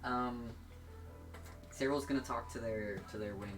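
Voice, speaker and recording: A man playing a tabletop role-playing game, speaking softly and hesitantly about his character. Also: mid-range voice, fairly even intonation, a little slow, over music. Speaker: player. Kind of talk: casual tabletop role-play chat.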